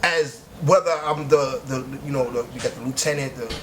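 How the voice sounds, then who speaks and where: A man with a New York accent giving casual spoken commentary, halting often with restarts and fillers. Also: mid-range voice, a crowd in the background, low-quality recording. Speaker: commentary host.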